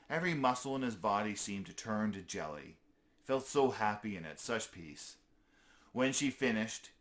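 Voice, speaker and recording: A man's voice: on the low side, a bit bright. A man reading a children's story aloud in an easygoing way, with small slips he corrects as he goes.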